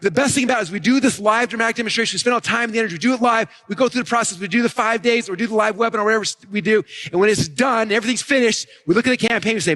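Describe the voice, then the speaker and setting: A man teaching a live marketing session, fast and energetic, often acting out customers' thoughts. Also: sits high. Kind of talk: live event teaching talk.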